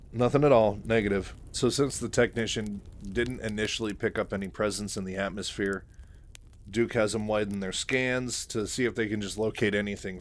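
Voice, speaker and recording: Low-voiced man casually recapping a novel. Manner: rambling, many fillers, chuckles. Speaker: book recap narrator.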